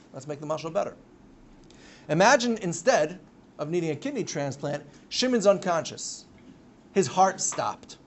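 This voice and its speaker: A man giving a live religious lecture to a class, telling stories with sudden loud bursts. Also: on the high side. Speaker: Torah teacher.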